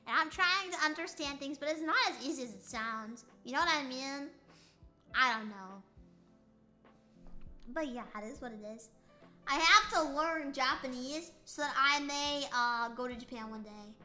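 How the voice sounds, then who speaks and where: High, bright playful woman streamer. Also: normal speed, soft background music. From United States. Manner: playful, rambling, self-mocking. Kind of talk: casual live-stream chat.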